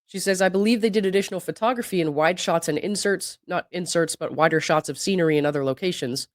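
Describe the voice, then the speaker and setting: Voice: medium pitch, fast talker, no room sound, clean studio sound. A host who is sick, reading a deposition transcript aloud and breaking in with skeptical asides. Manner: reads quotes evenly, breaks in with skeptical asides and laughs. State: sick, voice not at its best. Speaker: legal commentary channel host.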